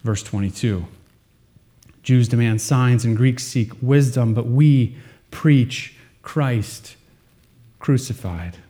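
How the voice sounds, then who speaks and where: A man preaching a sermon to his congregation, earnest, with dramatic pauses and swings in loudness. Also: mid-range voice. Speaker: pastor.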